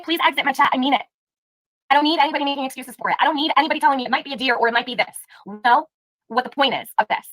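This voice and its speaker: A woman's voice: sits high, lively intonation, racing, fairly bright tone, no echo, low-quality recording. A woman hosting a live stream, giving heated, indignant commentary and firing rhetorical questions at her chat. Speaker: livestream host.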